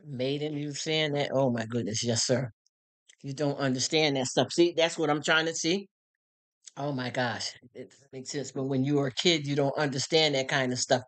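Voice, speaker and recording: A woman's voice: very deep voice, steady tone, moderate pace. A middle-aged woman live streaming, talking bluntly and emphatically with many repeated words while reacting to viewer comments. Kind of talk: casual live stream monologue, reading comments.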